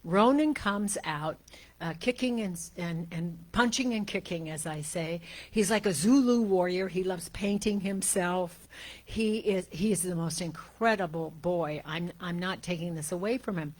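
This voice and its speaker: Older woman minister telling stories. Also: fairly low pitch. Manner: chatty storytelling, then slow deliberate reading. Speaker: guest minister. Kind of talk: sermon with personal stories and prayer reading.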